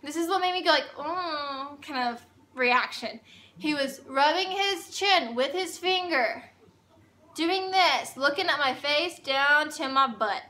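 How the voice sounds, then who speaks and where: High, bright-voiced woman telling a story. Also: a little slow. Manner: chatty, rambling storytelling. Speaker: vlogger. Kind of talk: storytime vlog.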